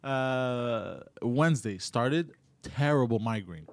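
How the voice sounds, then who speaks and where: A man's voice: mid-range voice, expressive, slow pace, no room sound. A man co-hosting a casual livestream chat, telling stories in a laid-back, earnest way. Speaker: co-host.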